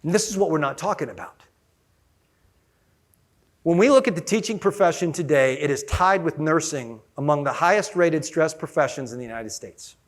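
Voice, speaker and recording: A man giving an energetic conference keynote, often asking the audience questions. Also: a little high, normal speed. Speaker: conference speaker.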